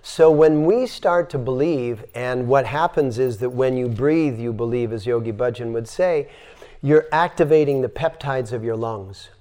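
In a mid-range, dark-toned voice at a moderate pace, an older yoga teacher lectures on spiritual matters. He tells emphatic stories and demonstrates breathing by letting out sighing exhales.

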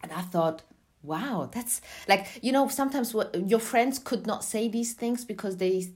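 A young woman at a middle pitch tells a personal story as an interview guest. She is lively and animated, acting out what people said. She breaks into laughter often. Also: unhurried. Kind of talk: casual storytelling in conversation.

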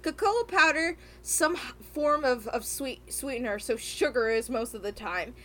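High-voiced woman ranting with laughs. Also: moderate pace. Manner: animated ranting, swears, laughs often. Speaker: podcast co-host. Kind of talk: casual chat.

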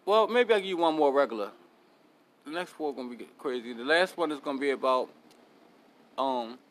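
A young man runs his own podcast in a loose, unscripted monologue. His voice sits at a middle pitch, and he talks bluntly and curses freely. He switches between plugs and tough-love motivational talk. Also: animated, brisk, a bit bright. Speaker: podcast host.

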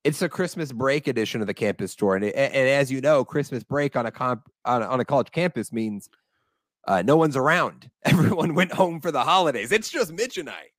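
A young American man co-hosting a casual sports podcast, talking with animated enthusiasm and laughing easily. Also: medium pitch, brisk, no echo. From United States. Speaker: podcast co-host.

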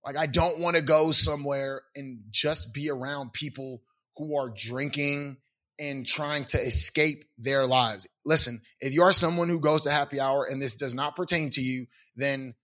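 A man in his thirties co-hosting a casual podcast chat, telling stories and acting out other people's lines. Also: a little high. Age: 30s. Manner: animated storyteller, acts out quotes in character. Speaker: podcast co-host.

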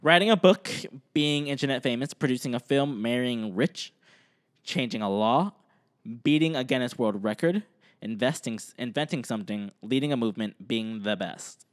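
A man's voice: mid-range voice, normal speed. Joking young podcast co-host, man. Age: young adult. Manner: joking, laughs often, lists items off. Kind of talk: casual chat, reading quiz options aloud.

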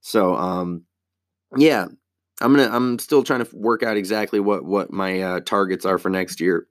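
A young man hosting his own podcast, ranting casually in a profane, rambling, animated way. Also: low voice, normal speed, dry recording, clean studio sound. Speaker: podcast host, stand-up comic. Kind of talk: casual solo podcast rant.

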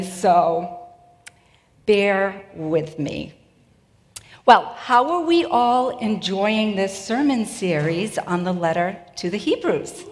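A woman with a Boston accent preaching a sermon in a chatty, self-deprecating way. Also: mid-range voice. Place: church sanctuary. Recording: long reverb of a church hall.

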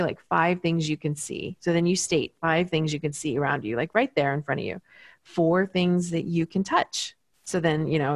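A woman with a lowish voice talks through coping techniques like a therapist. She explains calmly and patiently, with plenty of fillers and restarts. The recording is dry and close. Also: dry recording. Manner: calm, explanatory, with frequent fillers. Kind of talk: casual conversational advice.

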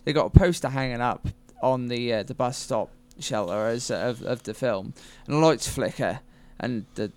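A man's voice: medium pitch, normal speed, few pauses. A man, co-hosting a podcast and retelling funny videos with easy enthusiasm. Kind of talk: casual chat.

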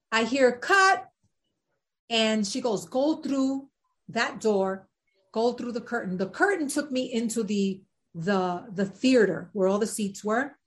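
A woman, an actress and singer, telling a lively anecdote as a podcast guest. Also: on the high side. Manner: lively, acts out quoted voices.

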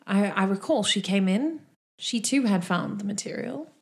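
A woman doing a soft-spoken blind old seamstress. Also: medium pitch, animated, creaky. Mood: reminiscing. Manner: soft, quiet and measured. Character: blind aging woman seamstress, weary and discreet. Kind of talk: tabletop role-play.

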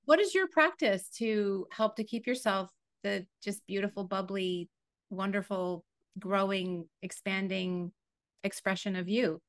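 A woman's voice: medium pitch, unhurried, no room sound, clean studio sound. A woman hosting a podcast, asking enthusiastic, affirming questions in casual interview chat. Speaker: podcast host.

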